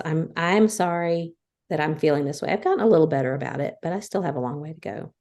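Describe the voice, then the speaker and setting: This fifty-something podcast co-host talks fast in a low, slightly mellow voice. On the casual faith show, she sincerely explains her ideas point by point.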